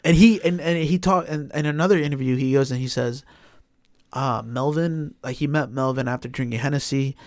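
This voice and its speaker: A man telling a story in casual chat, animated and swearing often, with lots of filler words. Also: mid-range voice, brisk, dry recording, studio quality.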